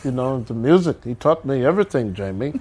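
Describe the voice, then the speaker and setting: A man doing an impression of an older male music producer, relaxed and saying "man" a lot. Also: mid-range voice, brisk, natural voice. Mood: reminiscing.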